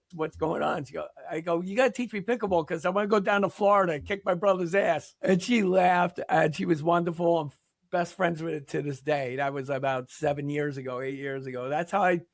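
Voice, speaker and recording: A man's voice: on the high side, fairly quick, vocal fry, dry recording, clean studio sound. An older man from New York, a guest on an interview show, telling casual rambling stories and acting out what others said. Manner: rambling, animated storyteller who acts out quotes. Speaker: podcast guest, pickleball league founder.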